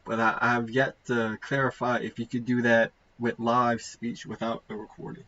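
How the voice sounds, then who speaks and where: A man's voice: medium pitch, flat delivery, normal speed, bright, forceful tone. A man hosting a live stream, explaining things in a casual way with hesitant restarts. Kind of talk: casual chat. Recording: dull lo-fi audio with faint noise.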